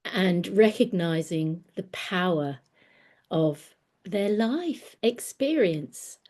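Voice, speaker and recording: A woman's voice: lowish voice, expressive, slow pace, dark tone. A woman in her sixties giving an earnest, reflective talk on personal growth, often repeating words as she gathers her thoughts. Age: 60s.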